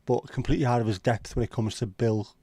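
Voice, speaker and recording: A man's voice: medium pitch, fairly even intonation, fast talker, mellow, breathy edge, dry recording. A man with a Liverpool accent hosting a casual livestream chat, rambling and opinionated with frequent swearing. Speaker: livestream host.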